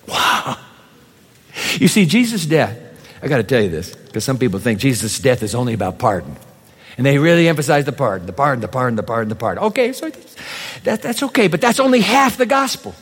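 A male pastor preaching a sermon in a church, swinging between loud proclamation and hushed, quick asides. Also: mid-range voice, very animated, slightly rough. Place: church sanctuary. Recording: long hall reverb.

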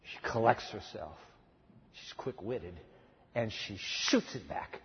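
Male preacher, dramatic storyteller, hushed to emphatic; muffled recording with long hall reverb. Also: fairly low pitch, animated, slow pace. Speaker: pastor. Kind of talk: sermon.

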